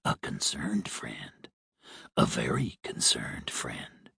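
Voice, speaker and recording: A man voicing a hoarse, heavy-smoking stranger who threatens in a low, slow whisper. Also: sing-song, bright, forceful tone, no echo, studio quality, heavily acted. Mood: menacing. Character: hoarse menacing man on phone, smoker.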